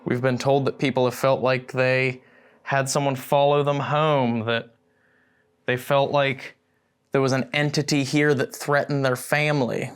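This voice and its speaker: A man's voice: mid-range voice, flat delivery, unhurried, clear, resonant tone. Man hosting a ghost hunt. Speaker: paranormal investigator host. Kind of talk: ghost-hunting vlog narration and calling out. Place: inside an old house at night.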